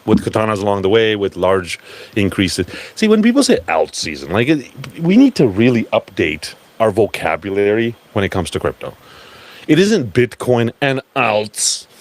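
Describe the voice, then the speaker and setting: A man giving a blunt, profane, animated live talk at a crypto event. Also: fairly low pitch, moderate pace.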